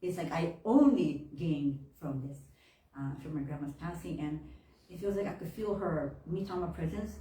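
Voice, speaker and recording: A woman minister giving a heartfelt personal testimony to her congregation, laughing often and jumping up in pitch when she gets excited. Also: a little hiss or hum. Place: church hall. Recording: roomy room, voice from far off.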